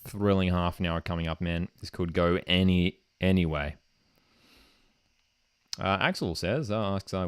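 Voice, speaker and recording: A man's voice: low voice, animated, moderate pace, vocal fry, dry recording, studio quality. A man hosting a live football watchalong, casual and enthusiastic, often saying "man". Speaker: football streamer and host. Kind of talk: live match watchalong commentary. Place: home streaming desk setup.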